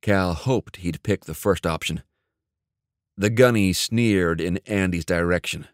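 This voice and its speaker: This is scripted audiobook narration: a man with a low-pitched voice reads fiction in a measured, storytelling style. The sound is studio quality with no room sound.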